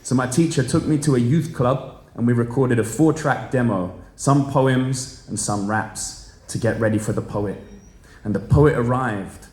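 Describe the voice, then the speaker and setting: Man, 30s, from the Channel Islands, poet and storyteller, mid-pitched, lively, acts out dialogue; echoey room. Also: unhurried. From Channel Islands, Jersey. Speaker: spoken word poet and teacher. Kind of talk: storytelling talk at a live event. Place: public library event room.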